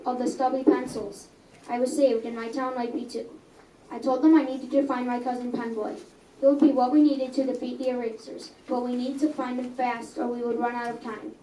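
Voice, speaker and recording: Reading her own writing with earnest care, a young girl occasionally stumbles and corrects herself. Her voice is high and mellow, captured from afar in an echoey coffee house with faint ambient sound and a slight hiss or hum.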